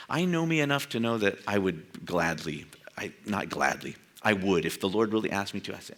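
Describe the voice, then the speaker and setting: Animated, bright-voiced older male pastor. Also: on the low side, brisk, hardly any pauses. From San Jose, California. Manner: conversational preaching, acts out quoted dialogue, chuckles at asides. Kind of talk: sermon.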